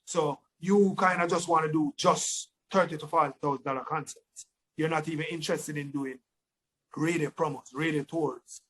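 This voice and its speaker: A man with a Jamaican accent, a dancehall artist talking casually in an interview, relaxed and often repeating words as he thinks. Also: on the high side, husky, rough recording. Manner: relaxed, repeats words, breaks into his song lines.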